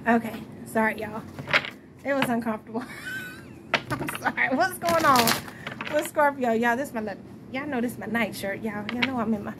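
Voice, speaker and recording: A woman's voice: high voice, very noisy. A woman reading tarot at home at night, chatty and friendly, often laughing and calling her viewers y'all. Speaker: tarot reader.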